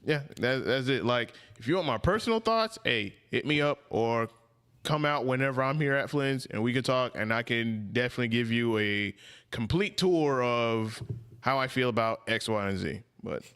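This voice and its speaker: A man's voice: mid-range voice, moderate pace, fairly bright tone, clear, resonant tone. A man co-hosting a casual gamer podcast, talking in a laid-back, slangy way.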